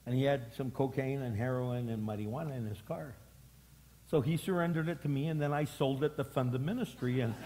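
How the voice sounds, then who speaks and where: A man preaching a sermon as pastor, telling stories with acted-out voices and sudden loud emphatic bursts. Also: mid-range voice, brisk, a little hiss or hum. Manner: animated storytelling, acting out voices, jumps to loud emphatic peaks. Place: church sanctuary. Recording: long hall reverb.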